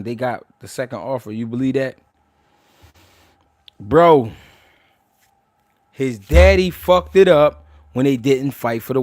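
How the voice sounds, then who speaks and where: A man hosting a boxing talk livestream, brash and rapid-fire, full of slang and cursing. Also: medium pitch, darkish tone, no room sound, studio quality. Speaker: boxing talk show host. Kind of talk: profane livestream commentary.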